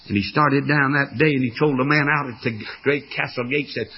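An older man preaching a fervent storytelling sermon, with a raspy voice. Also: mid-range voice, steady tone, a little fast, few pauses, highs cut off.

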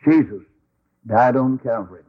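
A man's voice: medium pitch, normal speed, muffled recording. A man preaching a sermon in a folksy, emphatic storytelling way. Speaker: Baptist preacher.

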